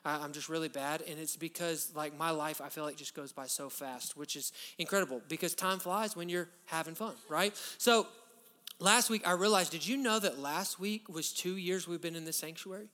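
A man, preaching a sermon as pastor, conversational and then loud and emphatic. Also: on the high side, moderate pace. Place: church sanctuary. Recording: long reverb of a church hall.

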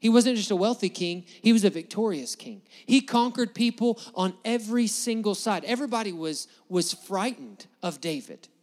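A man's voice: high voice, lively intonation, normal speed, hardly any pauses, darkish tone, long reverb tail. A man preaching a sermon as pastor, emphatic and building his points through repetition. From United States.

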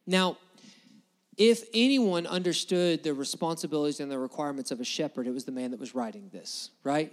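Emphatic high-voiced preacher. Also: male voice, long reverb tail. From United States. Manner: emphatic, building repetition. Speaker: pastor. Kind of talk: sermon.

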